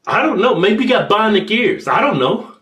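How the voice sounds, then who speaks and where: A man with a Southern American accent co-hosts a comedy show, grumbling and brushing off his partner's complaints. His voice is high and bright with wide pitch swings, recorded in an echoey room. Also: sing-song, normal speed, distant mic. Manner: defensive, grumbling. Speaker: co-host. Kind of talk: comedic banter.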